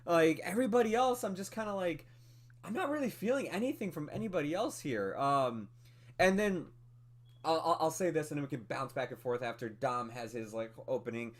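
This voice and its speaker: A fairly high-voiced man chats through a movie review on a podcast. He is animated and loose, with plenty of "like" and "um", and he laughs now and then. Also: brisk. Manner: animated, chatty, many fillers, laughs often. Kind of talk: casual film review chat.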